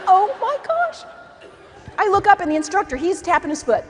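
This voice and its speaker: Brief: high, lively woman speaker, comic storytelling, echoey hall, faint noise. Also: moderate pace. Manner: animated, acts out characters, laughs through lines. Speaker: keynote speaker. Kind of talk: humorous storytelling speech.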